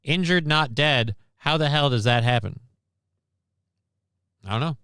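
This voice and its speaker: A man's voice: medium pitch, unhurried, pushed and bright, smooth, dry recording, clean studio sound. A man hosting a livestream, reacting to news clips in blunt, sarcastic casual commentary, swearing often. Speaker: livestream host.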